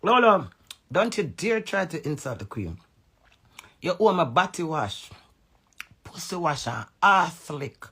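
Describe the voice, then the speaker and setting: A Jamaican woman in an angry, profane social media rant, veering between loud outbursts and low muttering. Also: very animated, unhurried, pauses often, slightly rough. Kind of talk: ranting social media live video.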